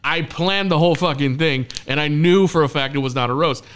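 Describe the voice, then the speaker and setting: A man's voice: on the high side, fairly quick, a bit bright, clean tone. Picture a young man spinning a long, rambling story on a podcast, swearing freely and tripping over his own restarts. His voice sits a little above the usual for a man. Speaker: podcast host. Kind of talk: casual chat.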